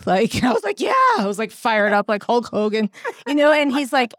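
A woman's voice: a little high, a little fast, no room sound, clean studio sound. A woman in her forties hosting a podcast in casual chat, telling stories animatedly and acting out what people said. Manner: animated storyteller who acts out quotes. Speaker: podcast host.

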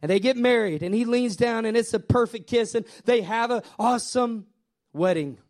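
High-voiced preacher with swelling delivery. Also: male voice, normal speed. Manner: animated, repetitive preaching that swells and drops; addresses the congregation directly. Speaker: pastor. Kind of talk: sermon.

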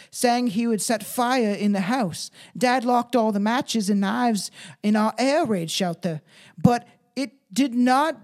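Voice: medium pitch, a little mellow, voice pushed up, lightly acted. A podcaster voicing a young British woman as they read out her account of a haunting, in a put-on British accent. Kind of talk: dramatized quote reading.

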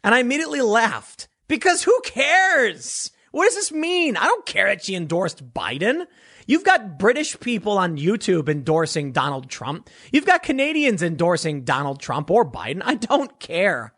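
A man's voice: high-pitched, very animated, moderate pace, fairly bright tone, breathy edge. A man giving an unscripted commentary monologue in a sarcastic, dismissive manner.

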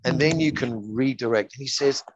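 A man's voice: medium pitch, normal speed, muffled recording, a little hiss or hum. A man speaking as an interview guest, earnestly telling stories and acting out the dialogue in them. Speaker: guest, coach. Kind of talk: interview storytelling.

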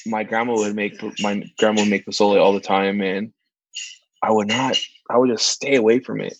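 A man co-hosting a casual chat, telling stories with lively, much higher put-on voices for the people he quotes. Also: moderate pace, no echo, highs cut off. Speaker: podcast co-host, church ministry worker.

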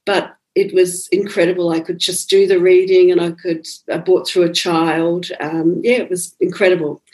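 A woman's voice: fairly low pitch, normal speed, rough recording. A woman, a psychic medium recounting her experiences in a conversational interview, acting out the dialogue she quotes. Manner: animated, acts out quoted dialogue. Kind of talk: conversational storytelling.

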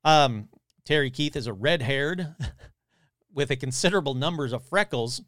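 A man's voice: medium pitch, moderate pace, a bit bright, no room sound, studio quality. A man hosting a podcast, casually reading a newspaper article aloud and breaking off with wry, grumbling asides. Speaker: podcast host.

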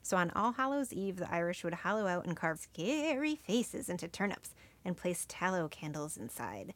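A woman's voice: on the low side, normal speed, few pauses. Wry, joking woman podcast co-host. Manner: wry, deadpan jokes, playful. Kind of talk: comedic scripted storytelling.

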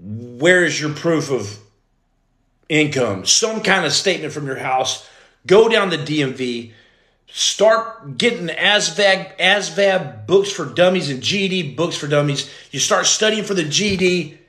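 A man's voice: a little high, lively intonation, measured pace, sharp tone, reverberant. A man hosting a motivational livestream, greeting viewers and reading their comments aloud. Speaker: podcast host, former Navy SEAL.

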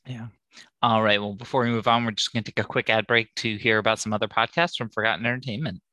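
Bright, dry-sounding podcast man. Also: fairly low pitch, steady tone, fast, no echo. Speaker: podcast co-host. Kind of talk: casual chat.

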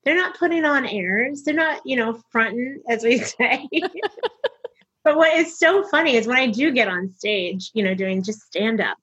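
A woman's voice: fairly high pitch, normal speed, breathy edge, highs cut off. A middle-aged woman from North Texas, a comedian and voice actor, talking candidly in an interview and acting out other people's lines as she tells her stories. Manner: animated storyteller who acts out other people's lines.

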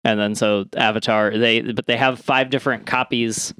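A man's voice: mid-range voice, fairly even intonation, moderate pace, a bit bright, smooth, no echo. A man co-hosting a casual comedy podcast, reading odd news and rambling with frequent laughs. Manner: rambling, laughs at own jokes.

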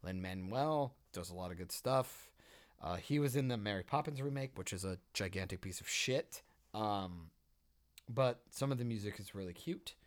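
Casting note: man, podcast co-host, blunt and profane, voice swings from low mutters to loud rants. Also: moderate pace. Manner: profane, heated ranting, lively swings from mumbled to loud. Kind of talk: casual chat.

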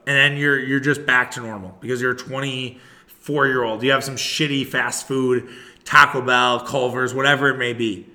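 Bright-voiced man ranting casually. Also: mid-range voice, normal speed. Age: 30s. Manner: profane, animated, talks to listeners directly. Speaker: podcast host. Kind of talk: casual solo podcast rant.

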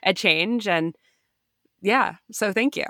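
A woman's voice: medium pitch, takes it slowly, fairly bright tone, no room sound, clean studio sound. A woman co-hosting a podcast, speaking in an enthusiastic, grateful way and laughing often. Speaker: podcast co-host. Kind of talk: casual chat.

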